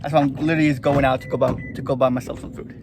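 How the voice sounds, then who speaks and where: A man's voice: mid-range voice, level tone, very fast, noisy background. A young man in a casual storytime vlog, rambling with lots of filler words, talking from a car. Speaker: vlogger.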